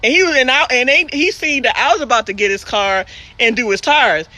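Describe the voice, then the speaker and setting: A woman's voice: fairly high pitch, brisk, bright, forceful tone, no echo. A woman with a Baltimore accent, a truck driver chatting animatedly on a live stream, laughing often and swearing while she reads viewer comments.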